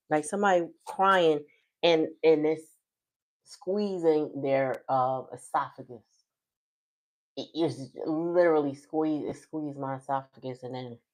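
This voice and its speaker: Woman tarot reader, low voice, relaxed slangy livestream chatter. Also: slow, pauses often. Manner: chatty, loose, folksy slang. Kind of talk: casual livestream tarot reading.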